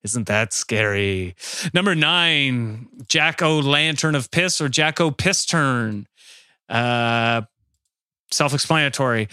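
A man's voice: mid-range voice, unhurried, clean tone, no echo, studio quality. A man doing a joking countdown in playful comedic banter. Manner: lively, joking countdown delivery.

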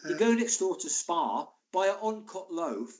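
Animated man in his sixties telling stories. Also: high-pitched, normal speed. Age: 60s. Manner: animated, laughing anecdotes. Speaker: former footballer, guest. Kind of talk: casual storytelling.

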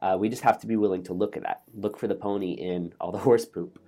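A middle-aged man, a podcast guest, telling a joke and stories in a lively, optimistic way in a casual interview. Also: lowish voice, quick pace. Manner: energetic, optimistic, acts out voices in a joke.

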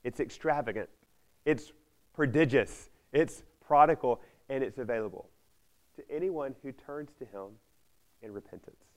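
A man preaching a sermon, retelling a parable with lively emphasis and briefly acting out the characters' lines. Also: mid-range voice, moderate pace. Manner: emphatic, repeats key phrases.

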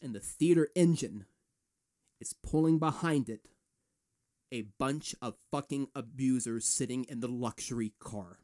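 A man's voice: medium pitch, a little slow, mellow. A man hosting a solo podcast, ranting in a fired-up, profane way. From United States. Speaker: podcast host.

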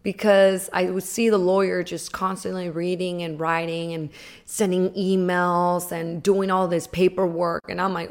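A woman giving an earnest, emotional personal testimony, with emphatic pauses. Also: fairly low pitch, little pitch movement.

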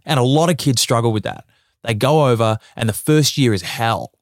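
A young Australian man on a casual podcast, telling lively stories, swearing freely and laughing often. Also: mid-range voice, quick pace, no room sound, studio quality. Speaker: podcast guest, former basketball player.

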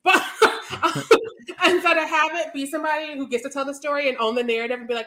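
A woman's voice: high voice, steady tone, brisk, background noise. A woman co-hosting a podcast in casual chat, playful and candid, laughing often. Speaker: podcast co-host.

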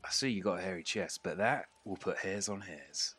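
A man voicing a gruff, teasing male bartender in a tabletop game, muttering his lines low and quick. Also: a bit bright.

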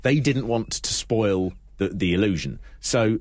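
A man's voice: fairly low pitch, measured pace, no echo. A man co-hosting a casual podcast chat, sweary and jokey, often slipping into silly voices. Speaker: podcast co-host reviewing wrestling events.

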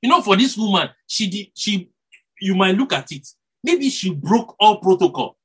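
A man preaches to his congregation, his voice swinging widely between high and low. His tone is slightly husky. He stops and restarts phrases as he builds his points. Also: moderate pace, rough recording. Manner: animated, rises and drops for emphasis, self-corrects, chuckles. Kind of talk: sermon.

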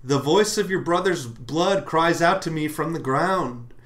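A man declaiming as a clueless booming God. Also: unhurried, fairly bright tone. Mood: pompous.

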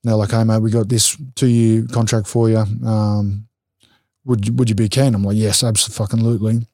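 A man's voice: fairly low pitch, flat delivery, moderate pace, warm tone, no room sound, studio quality. A young Australian man, a rugby league player, telling stories bluntly in a casual interview, swearing freely and acting out what others said.

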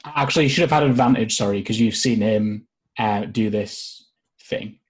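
A man narrating a tabletop game as dungeon master over a video call, with a casual, halting delivery full of fillers. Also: lowish voice, breathy edge.

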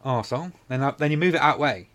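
Bloke rambling on a podcast, swears a lot, acts out what people said, mid-pitched voice. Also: male voice, fairly quick, fairly bright tone. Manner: rambling anecdotes, heavy swearing, acts out dialogue. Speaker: podcast co-host. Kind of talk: casual chat.

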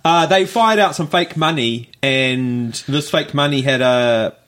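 A man's voice: mid-range voice, unhurried, fairly bright tone. A man with a New Zealand accent co-hosting a podcast, telling news stories in casual chat and laughing along as he goes. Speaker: podcast co-host.

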